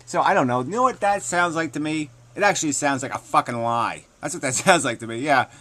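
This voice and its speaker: A man's voice: fairly high pitch, brisk, pushed and bright. Sarcastic man ranting with heavy swearing. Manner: sarcastic, swears constantly, mocking. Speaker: video blogger answering a critic. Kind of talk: profane angry rant.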